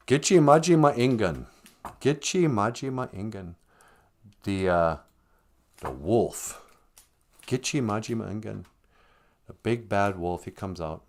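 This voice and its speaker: A man telling a folk tale casually on a live stream, rambling with joking asides and self-corrections. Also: fairly low pitch. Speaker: storyteller.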